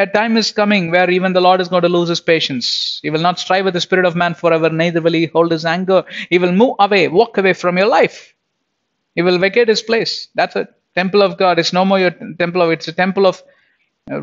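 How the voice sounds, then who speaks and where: A man's voice: sits high, muffled recording. A man giving an informal Bible lesson, chatty, often laughing and repeating himself. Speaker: Bible teacher.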